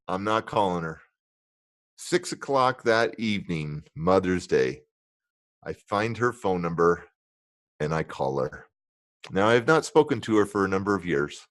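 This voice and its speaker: As a guest on a podcast interview, a middle-aged man tells a deeply personal story, animated but unhurried. His earnest, emotional telling builds into motivational encouragement.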